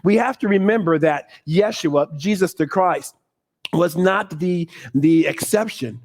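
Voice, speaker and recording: A middle-aged man giving an animated sermon to a congregation, laughing often and leaning on preacherly emphasis. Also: high-pitched, measured pace. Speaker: spiritual speaker.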